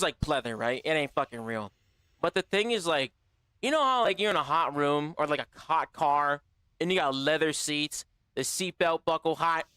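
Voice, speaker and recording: Young male streamer, loose and profane banter, bright tone, dry close mic. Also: fairly high pitch, clean tone, no echo. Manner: animated, profane, slangy banter with chat. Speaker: gaming livestreamer. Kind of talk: casual stream chat with viewers.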